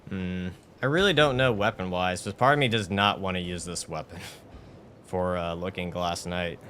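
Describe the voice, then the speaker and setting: While streaming a game, a man chats casually and rambles, using many fillers and restarts. His low-pitched voice has a fairly bright tone at normal speed, with a little hiss or hum in the background.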